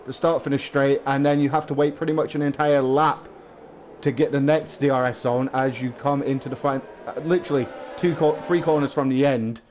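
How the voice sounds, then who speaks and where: A man co-commentating a live esports race, measured and analytical, explaining tyre strategy and track details. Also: medium pitch, fairly even intonation, a little mellow, slight background noise.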